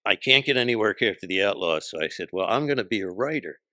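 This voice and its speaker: Gravelly older man telling comic stories. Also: lowish voice, animated, fast, bright, forceful tone, no room sound. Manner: punchy, profane, acts out voices in his stories. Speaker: guest comedian. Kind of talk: anecdotal interview storytelling.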